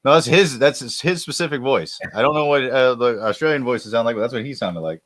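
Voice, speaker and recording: Dude riffing on a podcast, swears a lot, rambly jokes, dry sound. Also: male voice, mid-range voice, a little fast, fairly bright tone, dry recording. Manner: profane, rambling, jokey. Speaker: podcast co-host. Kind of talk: casual comedic chat.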